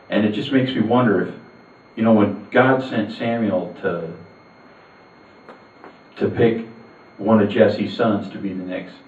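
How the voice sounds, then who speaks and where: A man preaching a sermon, retelling a Bible story in a conversational storytelling way with asides to the listeners. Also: lowish voice. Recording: echoey phone-like sound from far off.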